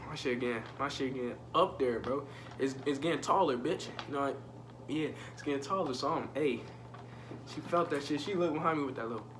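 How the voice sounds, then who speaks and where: A man's voice: mid-range voice, sharp tone, slight background noise. A young man telling a profane, slangy story in a casual vlog and joking directly with his viewers. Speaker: storytime vlogger.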